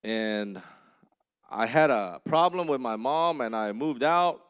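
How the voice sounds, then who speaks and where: A man's voice: medium pitch, expressive, takes it slowly, smooth. A man preaching a conversational sermon as pastor, telling stories and bluntly exhorting the congregation, often checking in with them.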